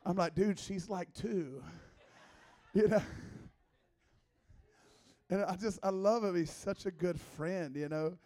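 A man's voice: sits high, a little slow, pauses often. A man in his thirties preaching as a guest, a joking, conversational sermon full of teasing asides. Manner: playful, teasing, lively asides.

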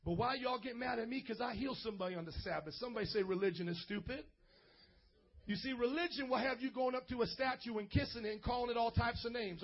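A man preaching a lively sermon as a pastor, playful, calling for responses and acting out little scenes. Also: extremely high pitch. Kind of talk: energetic sermon to youth. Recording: dull lo-fi recording.

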